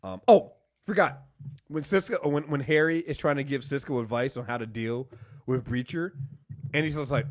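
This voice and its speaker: A man co-hosting a casual TV review podcast, animated, acting out scenes and laughing often. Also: medium pitch, normal speed. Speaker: podcast co-host.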